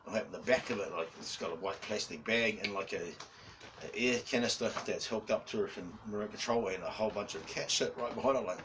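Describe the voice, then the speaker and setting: A man's voice: lowish voice, fairly quick. Rambling, swearing man in his forties. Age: 40s. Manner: rambling, heavy swearing, frequent laughs. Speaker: YouTuber. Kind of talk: casual vlog rant. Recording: distant mic with faint background noise.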